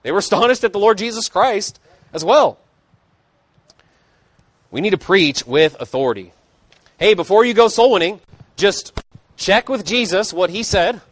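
A male preacher delivers a sermon in a fairly high voice. He talks emphatically, swelling and dropping in intensity, and mixes in casual conversational asides. The sound is dry and close. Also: animated, normal speed, long pauses, dry recording.

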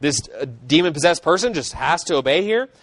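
In a dry recording, a man whose voice is a little high and a bit bright preaches at a fairly quick, animated pace. Between scripture readings he slips in casual asides, building emphatically and then pulling back.

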